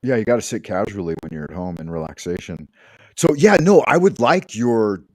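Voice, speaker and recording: A man with a fairly low voice hosts a relaxed livestream from his home. He rambles loosely and drops the odd curse. The sound is dry and close, with no room echo. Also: brisk. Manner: loose and rambling, swears casually. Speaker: livestream host. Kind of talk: casual chat.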